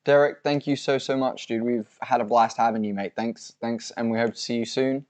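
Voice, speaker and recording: A man's voice: mid-range voice, steady tone, fairly quick, darkish tone. A man co-hosting a fight watch-along stream, signing off with rambling, effusive thanks and plenty of fillers. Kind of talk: casual livestream sign-off chat.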